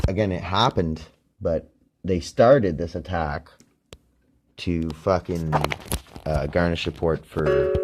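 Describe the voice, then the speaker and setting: A man hosting a solo podcast, rambling and ranting with heavy swearing, recorded on a phone used as a microphone. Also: sits low. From Canada. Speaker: podcast host.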